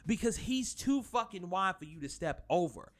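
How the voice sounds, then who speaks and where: A man's voice: high voice, sing-song, normal speed, a bit bright. Profane rambling man reviewing a film. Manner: profane, rambling, with frequent fillers and restarts. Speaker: channel host reviewing a film. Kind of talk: casual spoken review.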